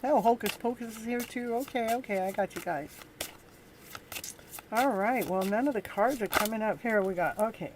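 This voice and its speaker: A woman hosting a live tarot reading, talking in a gentle, encouraging and halting way to her viewers. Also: fairly high pitch, noisy background. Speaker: tarot reader and show host.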